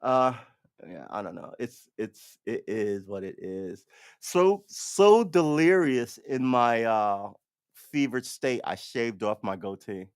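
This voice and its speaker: A man with a smooth, expressive mid-range voice hosts his own podcast in a casual solo livestream, taking things slowly. He talks off the cuff, bluntly and ramblingly, restarting often and swearing at times.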